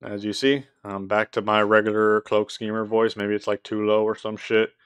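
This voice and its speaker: A man's voice: lowish voice, little pitch movement, normal speed, clear, resonant tone, no room sound, muffled recording. Rambling casual man walking through a tutorial. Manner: rambling, casual, curses lightly. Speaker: host. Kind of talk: software tutorial. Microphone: studio mic with noise suppression.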